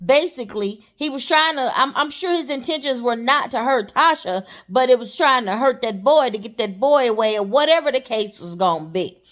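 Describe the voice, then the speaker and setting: A woman's voice: fairly high pitch, moderate pace. A woman giving a casual, chatty recap of a TV episode, talking straight to her viewers and calling them honey. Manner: chatty and animated, calls the viewer honey and y'all. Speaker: TV show recapper.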